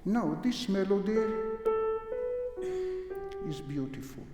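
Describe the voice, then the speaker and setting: Slow, lively-voiced piano teacher in a hall. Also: male voice, high voice. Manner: sings and hums phrases to demonstrate; uses vivid imagery to explain the music. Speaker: piano teacher giving a master class. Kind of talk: coaching a young pianist. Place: concert hall. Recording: echoey concert hall with piano.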